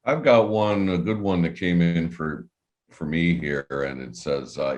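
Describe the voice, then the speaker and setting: A man moderating a webinar panel, reading out audience questions in a measured, deliberate way. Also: sits low, darkish tone.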